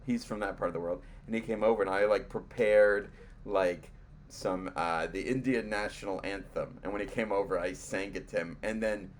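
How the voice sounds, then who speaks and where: A man's voice: on the low side, moderate pace. A man hosting a casual podcast conversation, rambling and acting out what people said. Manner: rambling, acts out quoted voices. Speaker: podcast host.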